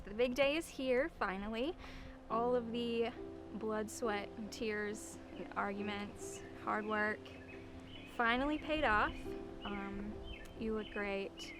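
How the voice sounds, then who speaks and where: A young woman, the bride, giving an earnest, heartfelt wedding toast. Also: a little high.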